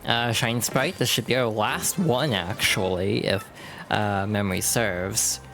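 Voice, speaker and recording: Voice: mid-range voice, a little slow, fairly bright tone, soft background music. A streamer casually commenting while playing a video game, with chatty, self-correcting asides.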